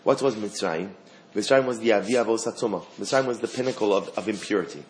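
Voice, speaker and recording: A man's voice: lowish voice, quick pace. A man teaching a Torah class in an earnest way, asking questions and answering them himself, repeating key phrases, with some faint noise behind him.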